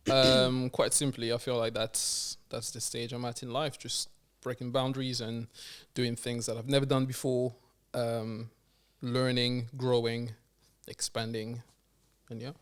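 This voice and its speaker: A man with a mid-range voice appears as a podcast guest. He answers slowly and thoughtfully, pausing to pick his words. His delivery is calm and measured. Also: medium pitch, clean tone. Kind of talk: casual chat.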